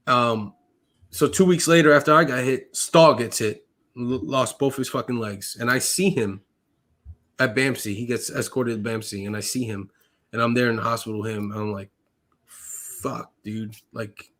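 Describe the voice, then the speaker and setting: A man's voice: mid-range voice, a bit bright. A man, a military veteran, telling a long personal story in casual conversation, with frequent swearing and fillers. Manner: swears often, fills with uh and like. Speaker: podcast guest, army medic veteran.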